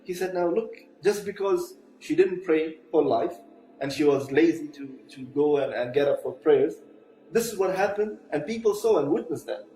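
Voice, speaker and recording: A man's voice: a little high, expressive, normal speed, mellow. Man telling a sermon story, echoey room. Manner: retells a story with quoted dialogue, many fillers. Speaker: preacher. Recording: echoey room with faint music.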